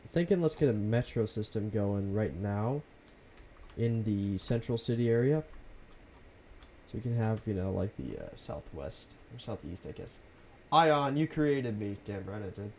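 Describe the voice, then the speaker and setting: A young man streaming a city-building game from his home computer, chatting casually with viewers in a soft, half-whispered, laid-back way. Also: lowish voice, expressive, normal speed, slight background noise. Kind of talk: casual live-stream commentary.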